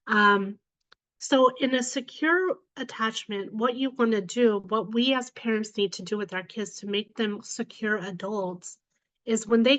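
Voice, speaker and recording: A woman's voice: mid-range voice, poor audio. A woman on a panel discussion, explaining things with lots of fillers. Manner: explanatory, uses many fillers.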